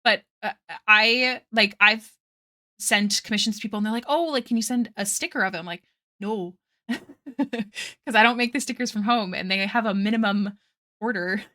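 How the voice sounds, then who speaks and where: A young woman chats away on her art stream, rambling from one story to the next and laughing often. Her voice is bright and clear, with middling pitch, and she reads viewers' messages aloud between thoughts. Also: moderate pace. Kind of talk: casual stream chat while drawing.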